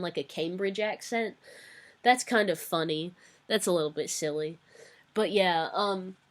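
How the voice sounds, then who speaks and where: Young woman vlogging, rambling candid story, lots of ums, a bit darkly wry. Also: mid-range voice. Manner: rambling, with many fillers and self-corrections, darkly wry.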